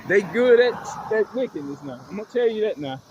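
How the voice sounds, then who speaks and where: A man's voice: high voice, lively intonation, fairly quick, muffled recording, slight background noise. A man ranting in an emphatic, repetitive monologue to his viewers, swearing as he drives his points home. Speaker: vlogger.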